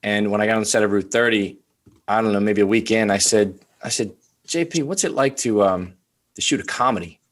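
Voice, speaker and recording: A man actor telling a quick set anecdote on a video call, acting out quotes with a laugh. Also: lowish voice.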